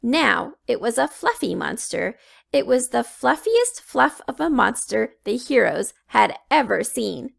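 A woman reading a children's storybook aloud, slow and expressive. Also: a little high, creaky. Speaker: children's book reader.

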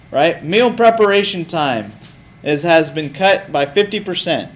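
Lively male teacher quizzing his class. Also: on the high side, unhurried. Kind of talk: classroom lecture.

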